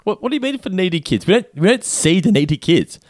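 A man co-hosting a podcast, chatting casually about a cartoon episode in an animated, exasperated, sweary way. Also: sits high, fast talker, no room sound, studio quality. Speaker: podcast co-host.

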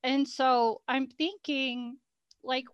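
A woman, co-hosting a podcast and telling an animated story, laughing as she goes. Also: high-pitched, takes it slowly, clear, resonant tone, no room sound, muffled recording. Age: 40s. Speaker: podcast co-host. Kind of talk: casual storytelling chat.

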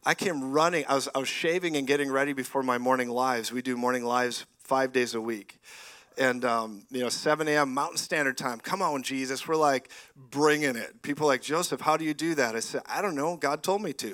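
A middle-aged man preaching a lively charismatic sermon, animated and often laughing, rising to loud exclamations. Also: medium pitch, a little fast.

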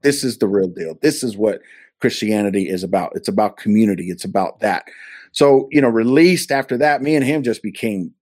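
A man's voice: fairly low pitch, animated, a little fast, a little mellow, no echo, studio quality. A man from California, an interview guest, earnestly telling a personal testimony and acting out the dialogue he quotes. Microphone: video call.

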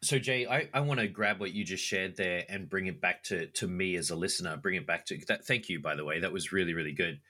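A man co-hosting a podcast, reflecting on faith and telling everyday stories in a lively way. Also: sits low, fast talker, few pauses. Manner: reflective, animated storytelling. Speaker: podcast co-host. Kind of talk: casual faith discussion.

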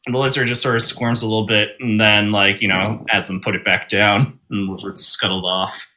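A man narrates a tabletop game as its game master. His voice is strikingly bright and sharp. He talks in a loose, meandering way, full of "sort of" and "like". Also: on the low side, fairly quick. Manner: relaxed, hesitant narration with fillers.

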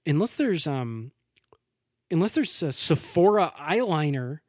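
A man's voice: on the high side, big pitch swings, measured pace, a little mellow, no room sound, clean studio sound. A man doing a fussy, pedantic cinema clerk. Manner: prim, pedantic, apologetic. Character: fussy rule-bound young male cinema clerk. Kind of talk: casual storytelling.

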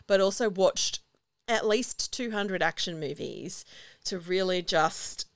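This podcast co-host, a woman with a medium-pitched, smooth and clear voice, walks slowly through a film's plot in relaxed chat. The recording is close and dry without echo, and she acts out each quoted line with lively energy.

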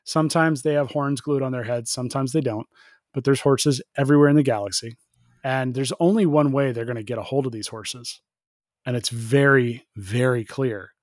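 A man's voice: moderate pace, no room sound, clean studio sound. Joking man in casual podcast chat. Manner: jokey, animated, acts out bits in a high voice. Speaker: podcast co-host.

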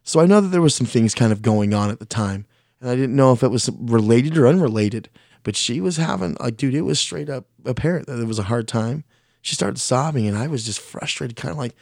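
A man's voice: mid-range voice, lively intonation, fairly quick, gravelly, darkish tone, dry recording, studio quality. A man telling a long story in casual chat, blunt and frank, swearing often and rambling, and openly critical of himself. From Mexican heritage.

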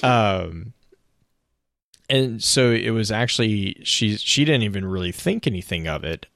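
A man's voice: lowish voice, expressive, moderate pace, gravelly, fairly bright tone, dry recording. A man co-hosting a podcast, retelling a story in casual chat with many restarts and bursts of laughter. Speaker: podcast co-host.

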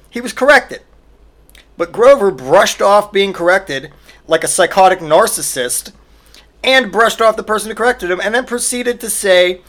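Bright-voiced man ranting with mock outrage. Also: a little high. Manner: profane, exaggerated mock outrage. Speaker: podcast host. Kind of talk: solo comedic rant.

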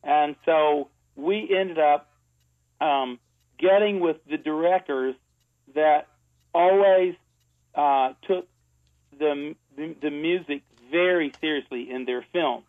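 A chatty man with a high voice tells a long story for an interview, laughing often and trailing off into fillers and restarts. The sound is tinny and narrow, like it is coming down a phone line. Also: slow. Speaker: ad music composer, guest.

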